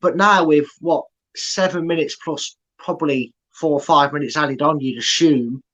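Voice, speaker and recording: A man's voice: a little high, moderate pace, a bit bright, highs cut off. A man co-hosting a live watchalong, analysing a match in rambling talk full of restarts. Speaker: fan channel co-host.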